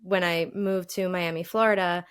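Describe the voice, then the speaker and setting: Woman host, faint Long Island accent; lively, laughing storyteller. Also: on the low side, normal speed, clean tone. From Long Island, New York. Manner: animated storyteller, laughs easily, acts out quotes. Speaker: podcast host. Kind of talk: casual chat.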